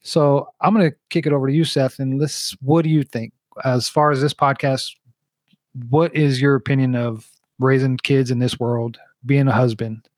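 A man in his forties hosting a podcast, telling animated stories and laughing often. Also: medium pitch, moderate pace, no room sound, studio quality. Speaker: podcast host. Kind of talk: casual podcast chat.

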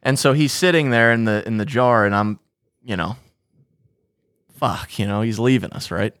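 A man's voice: medium pitch, moderate pace, a bit bright, no room sound, clean studio sound. A man co-hosting a podcast, telling a long comic story in casual, profane chat. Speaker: podcast co-host.

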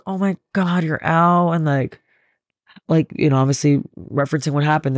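Young male podcast host, quick jokey delivery, dry close mic. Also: fairly high pitch, no echo. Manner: fast-talking, animated, jokey. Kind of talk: casual chat.

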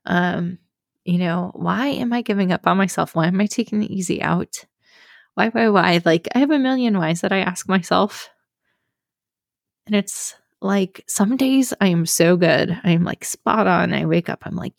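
Candid woman with a gravelly edge. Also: fairly low pitch, measured pace, no echo, studio quality. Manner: candid, confessional, many fillers. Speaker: podcast host. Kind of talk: personal solo podcast talk.

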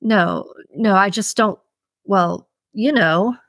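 A woman voicing a lonely, awkward working man at a bar who stammers, in her own slow reading voice. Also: medium pitch, a bit bright, no room sound, clean studio sound. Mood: eager.

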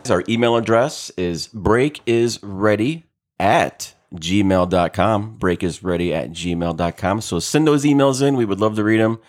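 A deep-voiced man co-hosting a relaxed podcast. He chuckles often and stumbles as he reads. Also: unhurried. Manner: chuckling, stumbles over words. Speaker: podcast co-host. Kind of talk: casual podcast banter.

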